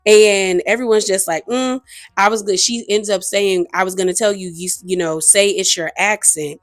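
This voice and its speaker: A woman's voice: medium pitch, fairly even intonation, normal speed, no room sound, soft background music. A woman chatting through a reality TV episode recap, gossipy and opinionated, acting out quotes from the cast. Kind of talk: casual recap commentary.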